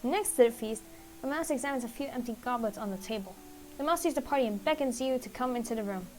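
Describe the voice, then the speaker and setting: A woman's voice: on the high side, quick pace, a little mellow, soft background music, low-quality recording. A woman streamer reading a text game aloud and thinking through its puzzles in a hesitant, musing way.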